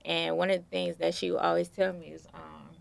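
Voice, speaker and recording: A young woman being interviewed, telling stories in a relaxed, casual way with plenty of fillers. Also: lowish voice, a little fast, gravelly. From Detroit. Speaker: guest artist.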